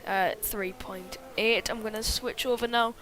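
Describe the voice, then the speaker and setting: A woman's voice: a little high, steady tone, a little slow, fairly bright tone, soft background music. A woman doing live commentary on an online racing league, chatty and full of fillers, reading viewer chat as she goes. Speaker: race commentator.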